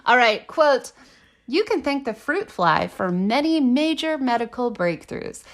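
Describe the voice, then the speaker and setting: Woman podcast co-host, excitable, lively swooping pitch, slow unhurried delivery, casual chat. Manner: excitable, swears casually, laughs often. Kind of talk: casual podcast chat, reading quotes aloud.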